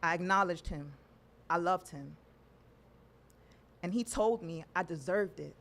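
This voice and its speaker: A woman from New York performing a spoken word poem at an open mic, with measured, rhythmic delivery. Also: on the low side, fairly bright tone. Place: live poetry venue.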